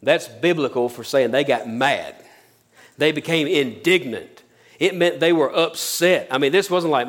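Pastor, man, higher-pitched, easy conversational sermon delivery with sudden hushed drops. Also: a little slow. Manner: conversational preaching, sudden drops to near-whispers.

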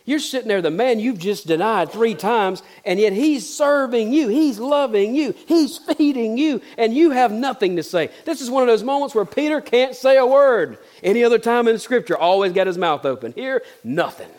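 High-voiced preacher telling a story. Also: male voice, lively intonation, moderate pace, few pauses. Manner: storytelling, dramatic shifts from loud to hushed. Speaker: pastor. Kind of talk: sermon.

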